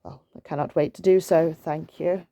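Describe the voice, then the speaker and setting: Woman reading as an old tired lady tortoise, slow and low, mellow. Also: fairly even intonation, gravelly, no echo, clean studio sound. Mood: weary. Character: weary ancient female tortoise, slow and sad.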